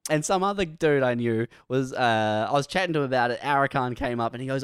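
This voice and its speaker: A man's voice: medium pitch, quick pace, few pauses, clean tone, no echo, clean studio sound. A man in casual banter, laughing often, swearing and slipping into jokey impressions. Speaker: podcast co-host.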